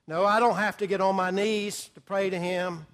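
A man's voice: high-pitched, fairly even intonation, moderate pace, fairly bright tone. A middle-aged man preaching a sermon, earnest and emphatic, rising in volume on key phrases.

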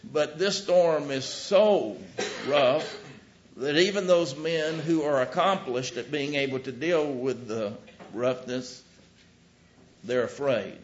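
A man preaching a sermon, telling the story with sudden swings between loud and hushed. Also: fairly high pitch, takes it slowly, a little hiss or hum. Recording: dull lo-fi recording.

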